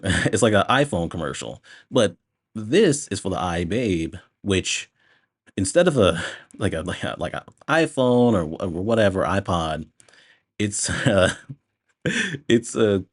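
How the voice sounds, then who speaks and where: A young man with a notably deep, low voice talks through a movie review in a loose, rambling way. He keeps breaking into laughs and sounds exasperated at what he describes. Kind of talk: casual spoken movie review.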